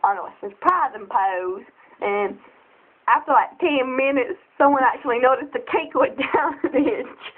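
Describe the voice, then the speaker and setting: A young girl telling funny stories to camera, giggly and excitable, often jumping into squeaky voices. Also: normal speed, slightly rough. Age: child. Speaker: storyteller. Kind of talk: casual storytelling to camera. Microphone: phone. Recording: tinny phone recording.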